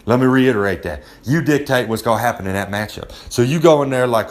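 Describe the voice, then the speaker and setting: A man delivers a casual, rambling monologue of advice, swaggering and streetwise. His voice sits in an ordinary middle pitch, and he keeps circling back to the same catchphrases with easy confidence. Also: expressive, fast talker, hardly any pauses. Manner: swaggering, loose, repeats "I'm just saying", streetwise slang. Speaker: recurring advice segment presenter. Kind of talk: casual monologue of wrestling tips.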